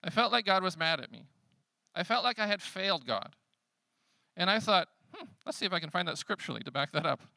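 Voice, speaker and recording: A man preaching a sermon in a conversational way, swinging between loud emphatic lines and hushed quiet ones. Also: high voice, animated, brisk, gravelly, no echo. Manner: conversational preaching with casual fillers. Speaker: pastor.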